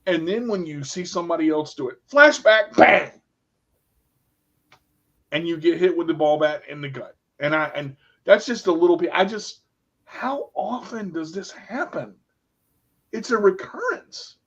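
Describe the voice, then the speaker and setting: A man's voice: fairly high pitch, expressive, normal speed, breathy edge. A middle-aged man, a radio host, telling a personal story in casual talk. He is emotional and repeats himself, often restarting his sentences. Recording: dull lo-fi sound.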